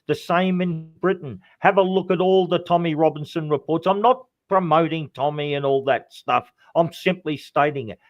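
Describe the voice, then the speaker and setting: A man's voice: on the high side, no room sound. An Australian man, a show guest, speaking with emphatic passion and repeating his phrases. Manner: emphatic, repeats phrases, calls others mate. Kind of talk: impassioned political talk.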